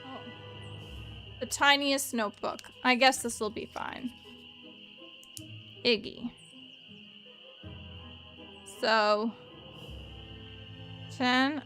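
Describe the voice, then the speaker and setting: A woman's voice: a little high, bright, forceful tone. A woman streaming a mystery game, chatting casually and rambling in asides to her viewers. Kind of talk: casual let's-play chat.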